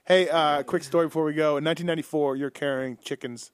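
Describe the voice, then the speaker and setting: A man's voice: on the high side, steady tone, fast talker. A man hosting a podcast interview in a laid-back way, joking along and prompting stories. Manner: laid-back, backchannels a lot, jokes along. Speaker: podcast host. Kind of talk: casual interview chat.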